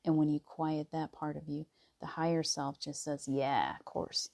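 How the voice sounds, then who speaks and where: A woman talks casually about spiritual practice, her voice low and mellow. She laughs often and slips into hushed, near-whispered tones when she acts out inner voices. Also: monotone, normal speed, gravelly. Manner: soft and gentle, drops to near whispers. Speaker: spiritual teacher.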